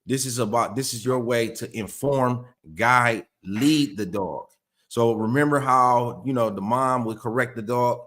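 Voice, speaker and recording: A man's voice: mid-range voice, a little slow, a bit bright. A man in casual conversation, explaining dog training earnestly and often repeating words as he searches for them.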